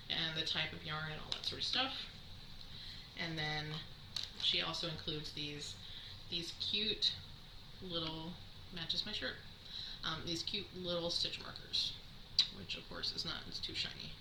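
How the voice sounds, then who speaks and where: Woman, low voice, rambling show-and-tell host, echoey room with noise behind. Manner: chatty, rambling, many ums, laughs at herself. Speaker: knitting podcast host. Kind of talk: casual show-and-tell chat.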